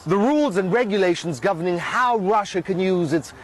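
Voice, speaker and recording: A man giving a broadcast news report in a measured, formal way. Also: high-pitched, expressive. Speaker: news correspondent.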